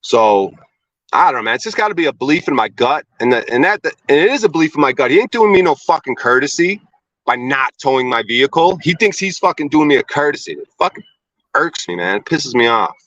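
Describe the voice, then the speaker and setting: A man's voice: big pitch swings, a little fast, a bit bright, no echo, dull audio. A young man hosting a livestream from his car, ranting and swearing in heated casual talk. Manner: profane and agitated, rants with rising pitch. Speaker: livestream host.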